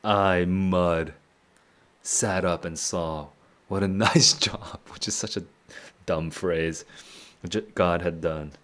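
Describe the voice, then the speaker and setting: A man reading a novel aloud and reacting to it, thinking out loud and often chuckling. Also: low voice, fairly even intonation, slow, long pauses. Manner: musing aloud, frequent chuckles. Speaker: book club streamer.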